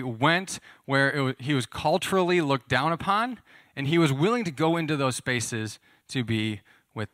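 A man's voice: a little high, fairly bright tone, no room sound, clean studio sound. A man preaching a casual, conversational sermon, explaining scripture and asking his listeners questions. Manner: conversational, asks the audience questions. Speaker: pastor. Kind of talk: sermon teaching.

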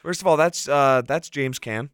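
A man hosting a casual podcast, chatting and reading out news in an animated way, with plenty of "like". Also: a little high, normal speed, smooth, dry recording, clean studio sound. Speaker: podcast host.

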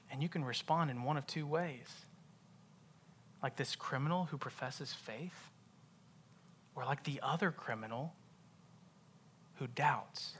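A young adult male pastor preaching a sermon, dropping to hushed whispers and rising to loud, emphatic repetition. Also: mid-range voice, a little hiss or hum.

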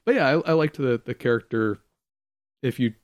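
A man co-hosting a podcast in casual chat, relaxed and opinionated, with frequent "um"s. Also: mid-range voice, moderate pace, lo-fi sound. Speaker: podcast co-host.

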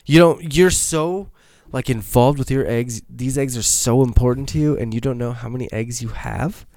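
A man's voice: medium pitch, normal speed, darkish tone, dry recording, studio quality. A man chatting casually as a podcast co-host, joking with exasperation and laughing often. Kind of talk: casual chat.

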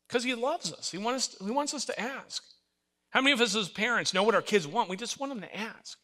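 An older man preaching in an animated, storytelling way and acting out little voices. His voice sits fairly high and sounds bright and forceful. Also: fast. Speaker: pastor. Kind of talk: sermon.

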